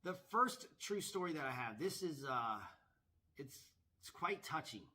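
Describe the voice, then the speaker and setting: Bright-voiced man telling a story to camera. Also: a little high, lively intonation, measured pace. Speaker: professional gambler.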